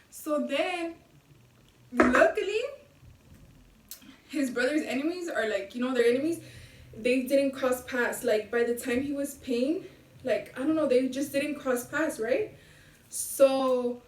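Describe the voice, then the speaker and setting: A woman's voice: sits high, distant mic. A young woman tells a wild story in a casual vlog, swearing freely and acting out the men's voices. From Los Angeles area. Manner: animated, swears a lot, acts out the men's voices. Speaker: vlogger telling a story. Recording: echoey room, mic set back.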